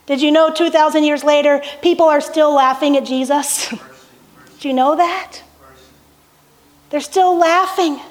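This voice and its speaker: A woman pastor preaching a sermon, telling the story with rhetorical questions and soft laughs. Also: high voice, fairly even intonation, measured pace, long pauses. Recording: echoey hall reverb.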